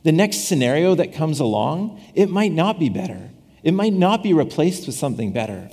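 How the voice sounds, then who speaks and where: A man's voice: a little high, sing-song, normal speed, mellow, breathy edge. A man preaching a casual, conversational sermon, often repeating and restarting his phrases and acting out quoted voices with humor. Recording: long hall reverb.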